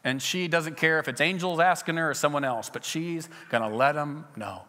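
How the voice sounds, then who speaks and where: A man preaching a sermon in a church, retelling scenes with lively acted dialogue. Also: a little high, moderate pace, in a large hall. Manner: earnest storytelling, acting out scenes with shifts in loudness. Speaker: pastor.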